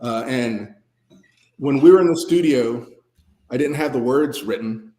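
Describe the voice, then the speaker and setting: A man of middle pitch speaks slowly and unhurriedly, telling stories as a guest in a laid-back, self-deprecating ramble full of fillers. His voice rings around a roomy, echoey space with faint guitar behind. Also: warm tone, slight background noise. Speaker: guest musician and military veteran. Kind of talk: casual storytelling interview. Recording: roomy echo.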